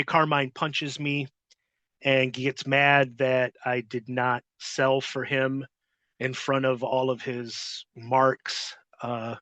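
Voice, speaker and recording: Bright-voiced, profane male podcast host. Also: mid-range voice, no echo. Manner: blunt and heavily profane. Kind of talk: casual interview storytelling.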